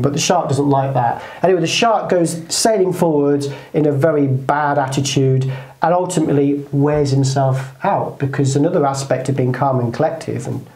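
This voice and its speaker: A man co-hosting a casual motivational chat, telling stories in an animated way and putting on voices. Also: on the high side, moderate pace. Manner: animated storyteller, puts on voices. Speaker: co-host. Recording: roomy echo.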